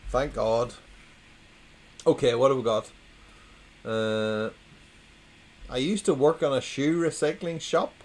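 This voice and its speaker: A man's voice: mid-range voice, slow, long pauses, rough recording. A man hosting a casual livestream, reading groan-worthy jokes to his chat and repeating the punchlines when no one answers. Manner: wry, plays to a quiet chat, repeats punchlines. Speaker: livestream host.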